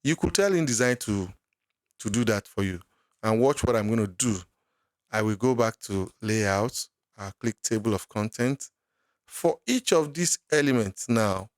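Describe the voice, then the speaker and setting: A man teaching a software tutorial, talking patiently step by step through each click at his computer. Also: medium pitch, no room sound, studio quality. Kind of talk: screen-recorded software tutorial.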